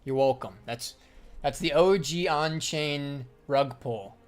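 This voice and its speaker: A young adult man with a fairly high voice speaks slowly, chatting casually on a livestream about trading and answering viewers' questions. He's a livestreamer and crypto trader whose talk is loose, full of slang and profanity, and often broken by laughter.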